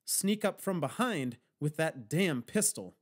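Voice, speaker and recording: A man tells the story in the first person, in a dry, wry narrating voice. His pitch sits a little high for a man and moves a lot. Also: lively intonation, a little slow. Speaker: audiobook narrator.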